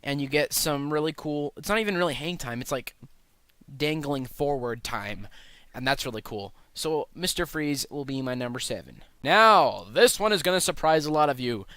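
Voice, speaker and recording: An eager young man runs through a casual countdown, rambling and restarting his sentences. His voice sits a bit high for a man and sounds smooth and crisp. It is recorded dry and close to the mic. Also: lively intonation, moderate pace, sharp tone, dry recording. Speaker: channel host ranking roller coasters.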